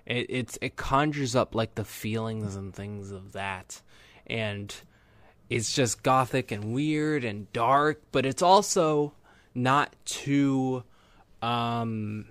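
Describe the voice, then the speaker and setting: Young man, casual movie review, excited and rambling, mid-range voice, dry close sound. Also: medium pitch, slow pace, dry recording. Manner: enthusiastic, rambling.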